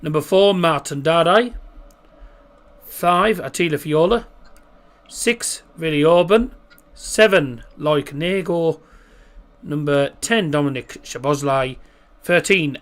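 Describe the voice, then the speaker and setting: A man's voice: a little high, fairly bright tone. A man hosting a casual live football watchalong stream, reading out lineups and chatting with viewers. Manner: chatty, reads out chat messages and team lineups.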